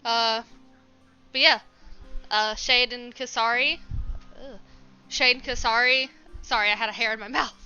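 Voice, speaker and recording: A woman narrates her character's actions in a tabletop game with a dry, weary manner. Her voice is bright and smooth but comes through a dull, lo-fi mic. Faint music sits behind her. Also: on the high side, fairly even intonation, measured pace, long pauses. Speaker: player. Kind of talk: casual tabletop game chat.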